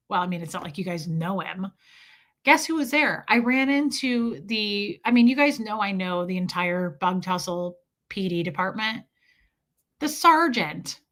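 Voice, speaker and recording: A chatty woman hosts a casual livestream, drifting from a story to thanking her viewers and back again. Her voice is bright and forward, with medium pitch for a woman and a lively, conversational delivery. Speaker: livestream host.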